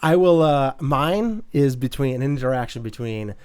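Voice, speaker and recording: Lively laughing man chatting about movies. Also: mid-range voice, normal speed, clean tone. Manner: animated, laughing, acts out movie lines. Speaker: podcast co-host. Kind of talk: casual movie chat.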